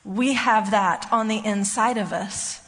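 A woman's voice: mid-range voice, steady tone, a little slow, fairly bright tone, in a large hall. A woman preaching a sermon in a conversational, emphatic way, often checking in with the listeners. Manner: conversational, emphatic, frequent "okay?" check-ins.

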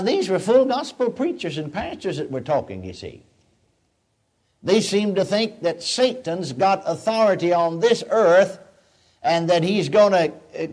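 An older man delivers a sermon, swinging between homey anecdotes and ringing declarations. His voice sits a little high for a man. He speaks as a practiced preacher addressing a congregation. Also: darkish tone. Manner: folksy storytelling preaching, rising to emphatic declarations.

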